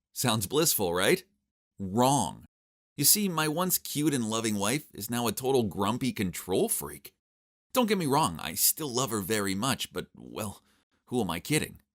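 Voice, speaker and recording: A young man giving wry, exasperated first-person narration of an animated story. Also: fairly low pitch, normal speed. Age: young adult.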